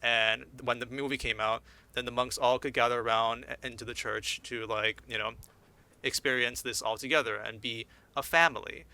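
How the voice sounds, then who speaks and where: Very bright-voiced man on a podcast. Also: medium pitch, fairly even intonation, normal speed. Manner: laughing often, many restarts. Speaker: podcast host. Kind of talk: casual chat.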